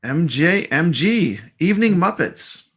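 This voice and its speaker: A man's voice: a little high, sing-song, measured pace, fairly bright tone. A man co-hosting a live stream, chatting casually and greeting viewers by name in an upbeat way. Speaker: co-host of a live stream show.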